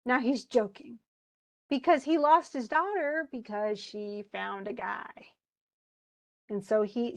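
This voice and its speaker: A woman's voice: mid-range voice, slow pace, rough recording. A woman teaching a play in a casual lecture, reading quoted verse and then retelling it in plain, chatty words. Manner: animated, uses fillers and restarts. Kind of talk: casual lecture, paraphrasing and quoting lines.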